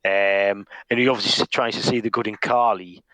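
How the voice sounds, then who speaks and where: A man's voice: lowish voice, steady tone, fairly quick, pushed and bright, no echo, rough recording. A man co-hosting a podcast, chatting casually and thinking aloud with many fillers and restarts. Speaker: podcast co-host. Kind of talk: casual chat.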